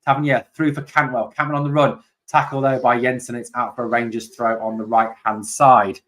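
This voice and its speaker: A man hosts a live watch-along of a football match, calling each pass and tackle as it happens. He chats casually with viewers about their comments between plays. When his side lets him down, he shouts at them in exasperation. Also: medium pitch, level tone, a little fast. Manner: chatty, reads out and answers viewer comments. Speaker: fan channel host.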